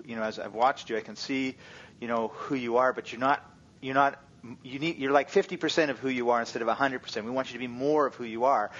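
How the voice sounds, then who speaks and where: A man hosting a podcast, chatting in a relaxed, conversational way. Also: mid-range voice, slight background noise. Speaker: host. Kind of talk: casual interview chat. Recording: dull lo-fi sound.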